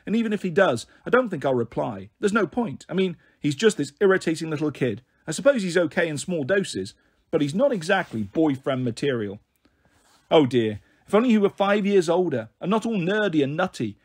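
A man reading a novel aloud in an expressive storybook style, giving voice to the characters' dialogue. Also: fairly high pitch, slightly rough. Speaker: audiobook reader.

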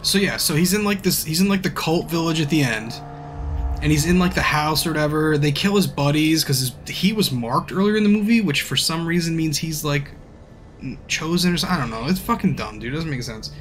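A young man streaming a game, rambling, swearing and telling stories in animated bursts. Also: fairly high pitch, a little fast, slight background noise. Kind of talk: live-stream gameplay commentary.

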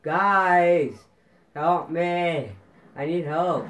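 A man's voice: on the high side, expressive, measured pace, slight background noise, poor audio. A man giving frustrated gameplay commentary while playing a shooter, ranting and repeating his complaints to viewers. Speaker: gaming video host.

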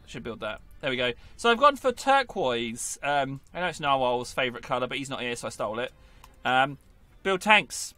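A man's voice: medium pitch, big pitch swings, brisk, pushed and bright, no echo. A man hosting a gaming video, giving casual, playful gameplay commentary and joking with himself as he plays. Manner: playful, jokey, talks to himself.

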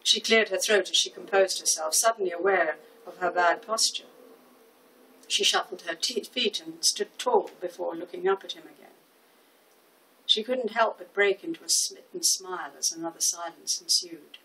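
Older actress, 70s, storybook narration, lowish voice, slightly distant mic. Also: female voice, a little hiss or hum. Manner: measured, expressive storytelling. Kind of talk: audiobook reading.

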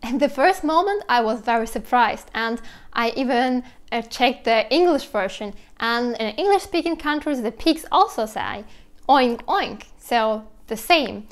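Russian-accented woman, lively teaching voice. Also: a little high, unhurried. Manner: lively, imitates animal and object sounds. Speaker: language teacher vlogger. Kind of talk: casual explainer vlog.

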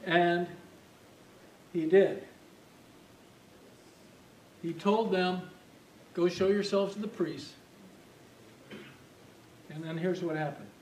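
A man's voice: steady tone, takes it slowly, long pauses, darkish tone. A man preaching a sermon as pastor, talking in a conversational way and asking the congregation questions. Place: church sanctuary. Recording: echoey hall, distant mic, faint rumble.

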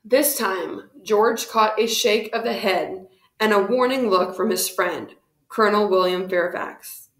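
Woman reading a story in an echoey room. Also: medium pitch. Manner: steady, measured narration. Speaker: narrator.

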